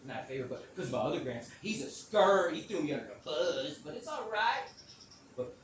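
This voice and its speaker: A middle-aged man hosting a podcast, telling a long story in a loose, slangy way with plenty of cursing and acting out quotes in a high voice. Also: brisk, distant mic. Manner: animated, acts out quotes in a high voice. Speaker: podcast host. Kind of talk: casual storytelling monologue. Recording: echoey room, voice off-mic, audible noise.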